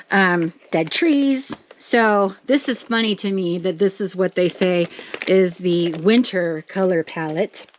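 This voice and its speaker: A woman talking casually to her viewers as she works on a craft project, chatty and thinking out loud, with excited bursts. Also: mid-range voice. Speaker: craft vlogger.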